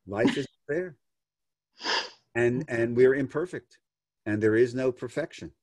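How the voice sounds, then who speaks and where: A man's voice: medium pitch, measured pace, darkish tone, no echo. A man, a rabbi, answering questions over a video call in a folksy, storytelling way, acting out the people he quotes. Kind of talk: answering questions in an online session.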